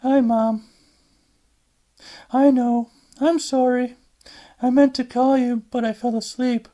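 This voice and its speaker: A man voicing a weary young woman who is drained and exasperated, speaking in a strained falsetto. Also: steady tone, slow, warm tone.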